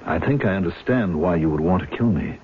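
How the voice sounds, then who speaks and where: A man's voice: sits low, animated, brisk. An actor playing a nervous, skeptical young man in a 1970s radio drama, startled and stammering. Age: young adult. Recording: tinny old radio broadcast with faint hiss.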